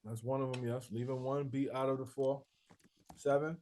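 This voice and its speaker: A rap rhythm instructor with a medium-pitched, darkish voice speaks at a moderate pace in a level tone, against slight background noise. During a casual class review, he repeats students' answers back and scats syllable patterns to show different flows.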